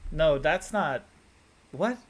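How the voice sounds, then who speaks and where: Male co-host, slightly high voice, relaxed rambling banter, easy laughs. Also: takes it slowly, slight background noise. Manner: rambling, laid-back, lots of fillers and laughs. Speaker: podcast co-host. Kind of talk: casual chat.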